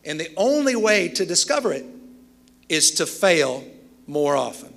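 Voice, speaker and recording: Gravelly man giving a commencement speech. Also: fairly high pitch, very animated, unhurried, a bit bright. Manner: emphatic, storytelling, self-deprecating humor. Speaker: commencement speaker.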